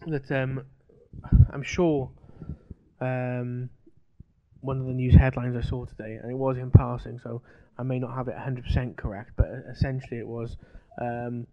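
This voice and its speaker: A man talks through his opinions in a measured, rambling way during a casual podcast chat. His voice sits in a middle pitch, and the audio is dull and lo-fi. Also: flat delivery. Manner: measured, builds arguments with many you-knows.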